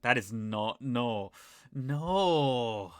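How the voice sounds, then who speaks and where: A man's voice: medium pitch, expressive, drawn-out words, soft background music. A man with a Northern English accent, rambling and self-deprecating as he reacts to his old video in casual commentary. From Northern England.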